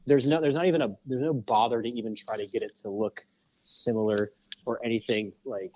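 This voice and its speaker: A man's voice: mid-range voice, steady tone, a little fast, a little mellow, lo-fi sound, a little hiss or hum. A man co-hosting a podcast, griping about a film in an exasperated, sarcastic way. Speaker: podcast co-host. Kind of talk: casual movie review chat.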